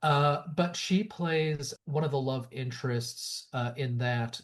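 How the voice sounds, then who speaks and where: A man's voice: medium pitch, takes it slowly. A man co-hosting a podcast, chatting casually about a movie and often stumbling and restarting his sentences. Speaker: podcast co-host.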